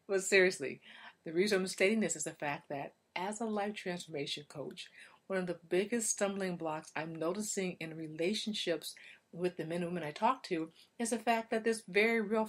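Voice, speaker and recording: Chatty animated woman coach. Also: fairly low pitch, normal speed. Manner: chatty, animated, addresses viewers directly. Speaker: relationship coach. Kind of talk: casual direct-to-camera talk.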